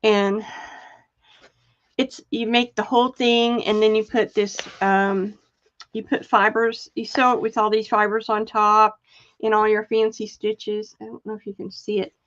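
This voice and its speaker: An older woman chats casually on a live stream, greeting viewers by name and trailing off while she searches for things. Her mid-range voice is level and unhurried, and the stream audio is dull and lo-fi.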